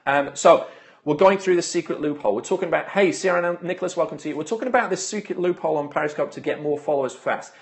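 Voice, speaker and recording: A man's voice: on the high side, quick pace. A man hosting a live phone stream, chatting casually, greeting viewers by name and giving marketing tips with lots of filler uhs.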